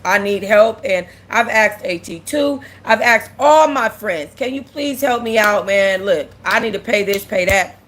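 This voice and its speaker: A young woman hosting a casual livestream speaks candidly and near tears, repeating herself as she reads out and responds to viewers' comments. Her voice is mid-range and fairly bright, delivered at a measured pace with hardly any pauses.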